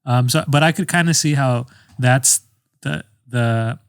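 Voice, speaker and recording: Laid-back podcast cohost, gravelly voice, dry close sound. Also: male voice, medium pitch, a little slow, dry recording. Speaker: podcast co-host. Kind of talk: casual chat. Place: apartment.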